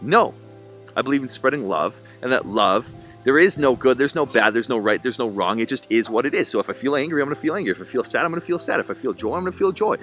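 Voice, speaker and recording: Earnest man musing on parenthood, lively pitch. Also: quick pace, hardly any pauses, soft background music. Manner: earnest, reflective, spiritual self-help tone. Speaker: single dad vlogger. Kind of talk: reflective personal vlog monologue.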